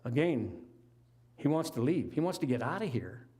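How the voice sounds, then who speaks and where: A man's voice: mid-range voice, very animated, normal speed, warm tone. A middle-aged man preaching a sermon, retelling a Bible story in a conversational, folksy way with casual asides. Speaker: lay preacher.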